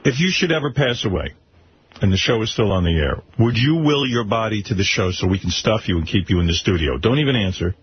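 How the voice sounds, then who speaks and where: A man hosts a talk radio show with dry, wry humor. His voice sits low and moves fast. The sound is a dull broadcast recording with a light hiss underneath. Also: expressive. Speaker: radio host.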